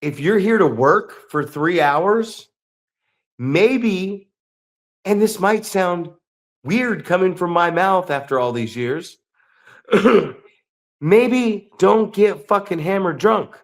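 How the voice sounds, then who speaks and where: Profane ranting wrestler, higher pitch. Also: male voice, animated, slow pace. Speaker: podcast co-host and pro wrestler. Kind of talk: casual podcast chat.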